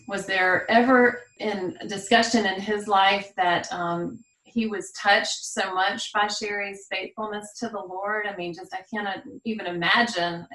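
Woman interview host, gentle, heard from a distance in a roomy space. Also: mid-range voice.

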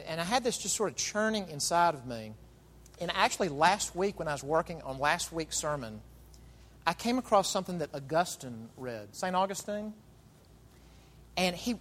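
A man preaching a sermon as pastor, emphatic, with rhetorical questions and dramatic pauses. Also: high voice, a bit bright, in a large hall.

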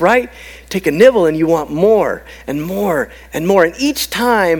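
A man preaching a sermon as pastor, emphatic and dropping to a hush for key points. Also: high-pitched. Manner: emphatic, swinging from loud to hushed.

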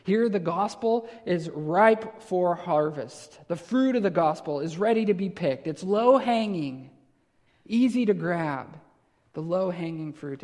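A man's voice: high-pitched, a little mellow. A man from Wisconsin with a Wisconsin accent, preaching an expository sermon; he explains patiently, repeats phrases and builds to emphatic lists. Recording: long reverb of a large hall.

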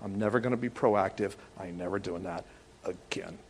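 Speaking a little fast in a low voice, over a slight hiss or hum, a middle-aged man preaches his sermon as pastor. He tells stories energetically and acts out the voices of the people in them.

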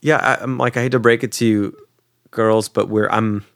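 A man's voice: normal speed, gravelly, dry recording, clean studio sound. A young man co-hosting a podcast, telling a travel story casually and acting out the people in it with sudden jumps in his voice. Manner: animated, acts out quoted people with jumps in pitch; swears casually, fillers like "like". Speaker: podcast co-host.

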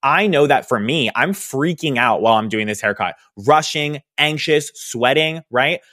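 A young man hosts his podcast and tells a travel story in a chatty, animated way, full of fillers and asides. His voice sits at an ordinary middle pitch. The close mic sounds dry, with no room echo. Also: moderate pace. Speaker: podcast host, hairstylist business educator.

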